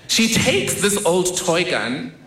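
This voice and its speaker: A young man tells a personal story on stage in a wry, self-deprecating way. His voice is slightly high and bright, and he takes his time. The sound carries a roomy echo from a large hall. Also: big pitch swings, takes it slowly. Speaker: speaker.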